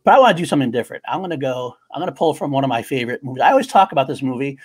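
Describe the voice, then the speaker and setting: A man co-hosting a casual movie chat, animated and quick to laugh. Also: medium pitch, husky. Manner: animated, laughs often, many restarts. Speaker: co-host of a movie podcast.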